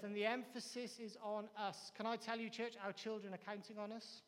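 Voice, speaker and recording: High-voiced preaching pastor in a hall. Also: male voice, level tone, brisk, hardly any pauses, a bit bright. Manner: emphatic preaching with repetitions and quoted dialogue. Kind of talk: sermon. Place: church.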